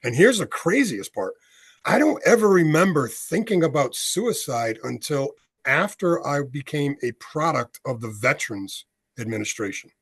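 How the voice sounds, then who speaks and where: Animated older male storyteller, slightly high voice. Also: moderate pace, breathy edge. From United States. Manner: animated storyteller, acts out dialogue. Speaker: podcast guest, author and veteran. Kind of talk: storytelling in a podcast interview.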